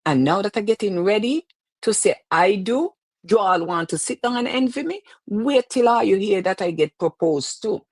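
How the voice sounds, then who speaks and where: A woman's voice: mid-range voice, expressive, moderate pace, darkish tone, no echo. A woman hosting a casual livestream show, chatting and preaching to viewers and greeting them by name. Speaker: host of a live-streamed talk show. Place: lives in New York.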